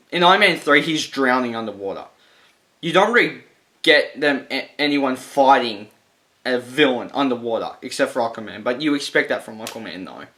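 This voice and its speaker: A man's voice: on the high side, pushed and bright. A man casually ranking movie final battles, rambling enthusiastically with lots of fillers and restarts. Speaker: movie reviewer.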